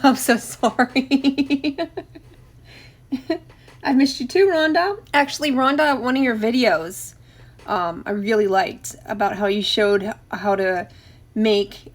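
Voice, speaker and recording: This is a middle-aged woman chatting on her own live stream, reading out names of viewers and laughing between lines. Her voice sits a little high, and she talks at an unhurried, slow pace. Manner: greets viewers by name, laughs often. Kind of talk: casual live stream chat.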